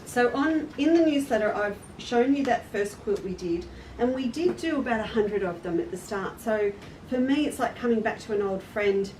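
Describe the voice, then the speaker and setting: A woman's voice: a little high, moderate pace, a little mellow. Woman, chatty live-stream host, roomy echo, off-mic. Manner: chatty, friendly, laughs at herself. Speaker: quilt shop owner hosting a live stream. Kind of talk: casual live demonstration talk. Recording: roomy echo, distant mic, faint noise.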